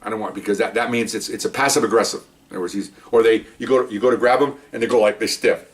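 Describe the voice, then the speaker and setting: A man spins war stories from his police years at a brisk clip. His voice sits low and he acts out the dialogue of each scene. He sounds set back some distance from the microphone. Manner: animated storytelling, acting out quotes, chuckling. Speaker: retired police officer telling stories. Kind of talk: casual storytelling monologue.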